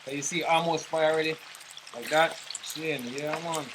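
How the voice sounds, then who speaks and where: A man's voice: fairly high pitch, moderate pace, background noise. A man with a Jamaican accent, chatting casually as he cooks and explains each step, with faint frying sounds behind him. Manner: relaxed, chatty, patois phrases. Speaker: cook. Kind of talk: casual cooking demonstration.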